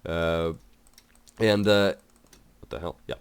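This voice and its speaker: A man's voice: sits low, steady tone, slow, clean tone, dry recording. A young man hosting a building game video, talking in a rambling, hesitant way with many fillers and restarts. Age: young adult. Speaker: let's play host. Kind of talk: casual gameplay commentary.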